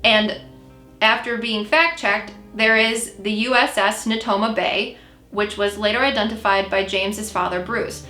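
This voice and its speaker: A woman's voice: mid-range voice, fairly even intonation, measured pace, pushed and bright, reverberant, faint music behind. A woman co-hosting a podcast in casual, rambling chat, retelling her conversations with a spirit. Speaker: podcast co-host.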